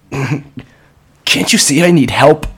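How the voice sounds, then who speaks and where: A man voicing an injured, frantic man haunted by his dead ex, who swears and shouts in a raw, unhinged, pained way. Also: on the low side, animated, slow pace, vocal fry, husky, pitched above the performer's own voice, exaggerated voice. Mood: desperate. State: coughing and in pain.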